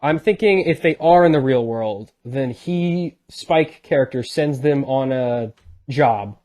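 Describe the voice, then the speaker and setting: A man's voice: mid-range voice, slow pace, a little mellow. A young man co-hosting a casual podcast in an easygoing, joking manner. His voice sits in a plain middle range. He talks like someone chatting with a friend. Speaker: podcast co-host. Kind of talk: casual chat.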